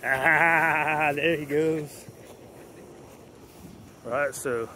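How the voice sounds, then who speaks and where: A man with a slightly high voice chats casually while training dogs outdoors. He drifts between loose storytelling and clipped, firm commands to the animals. Faint noise sits under the recording. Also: fairly even intonation, extremely slow, pushed and bright. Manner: talks to his dogs between stories, firm commands and baby talk. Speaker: dog trainer.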